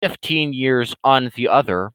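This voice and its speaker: A man's voice: medium pitch, expressive, a little slow, a bit bright, clean tone, dry recording, poor audio. Man putting on a smug, preachy troll voice. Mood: smug lecturing. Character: preachy, condescending male online troll.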